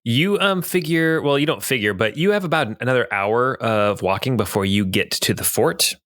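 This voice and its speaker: A man's voice: medium pitch, lively intonation, moderate pace, a bit bright, no room sound, studio quality. A man narrating as game master of a tabletop game, loose and hesitant with fillers.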